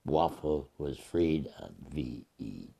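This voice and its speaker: Old veteran guy telling war stories, deep dark gravelly voice, stops and restarts a lot. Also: animated. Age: older. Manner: halting, with frequent restarts. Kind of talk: recounting memories in an interview.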